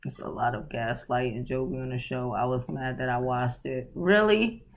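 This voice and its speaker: A woman's voice: a bass voice, moderate pace. A woman hosting a casual livestream, talking bluntly and profanely and often laughing as she answers viewer comments. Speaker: livestream host.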